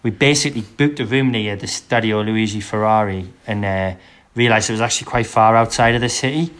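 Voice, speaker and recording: A man's voice: on the low side, a little fast, a bit bright. A man from England, casually telling a long story in a podcast chat and acting out the people in it. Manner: rambling storyteller, acts out quotes.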